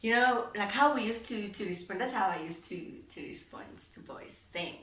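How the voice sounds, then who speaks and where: A young woman vlogging about her life, animated and laughing as she acts out both sides of past conversations. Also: mid-range voice, moderate pace, distant mic. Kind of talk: personal storytelling. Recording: roomy echo, voice set back from the mic.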